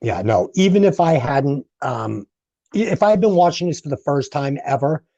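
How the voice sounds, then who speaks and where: A man with a very lively, swooping pitch gives blunt, profane opinions on a movie. His voice sounds dry and close, with no room echo. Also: moderate pace, lo-fi sound. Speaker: podcast co-host. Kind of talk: casual podcast chat.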